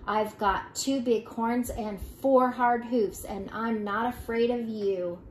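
An older woman voicing the biggest billy goat, who speaks in a big, loud, fearless voice, for a storybook read-aloud. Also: fairly high pitch, fairly even intonation, slow pace, slight background noise. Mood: defiant. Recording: echoey room.

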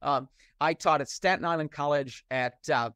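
A man's voice: fairly high pitch, moderate pace, fairly bright tone, clear, resonant tone, no room sound, studio quality. A middle-aged man from the United States, a professor answering interview questions in a discursive, candid way and often restarting his sentences.

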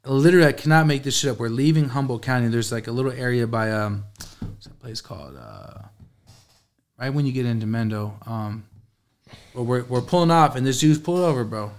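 A man's voice: medium pitch, animated, brisk. A man, a guest telling a casual, streetwise story full of profanity. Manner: streetwise, profane, laid-back.

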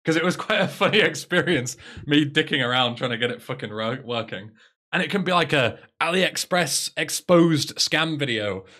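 A man's voice: a little high, animated, normal speed, sharp tone. A man with an English accent chatting casually on a live stream, sarcastic and swearing freely.

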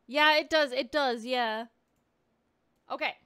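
A woman streaming a game and chatting casually with viewers, bubbly and quick to thank them, rambling along with lots of "like" in her speech. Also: sits high, sing-song, pushed and bright, no room sound, studio quality. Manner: rambling, filler-heavy speech full of "like". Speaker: VTuber streamer playing a game. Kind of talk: casual gameplay chat with viewers.

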